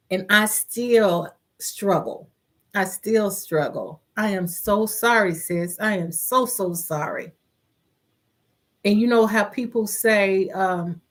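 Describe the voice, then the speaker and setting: A middle-aged woman hosting a casual live-stream chat, reading viewer comments aloud in a heartfelt, caring way. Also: medium pitch.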